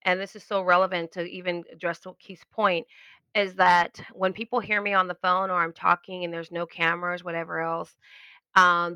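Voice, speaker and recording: A woman, a linguist and educator, telling animated stories in a casual podcast conversation and acting out the voices of people she quotes. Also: fairly low pitch, clear, resonant tone, no echo, muffled recording. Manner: animated storytelling, acts out quoted voices, laughs often.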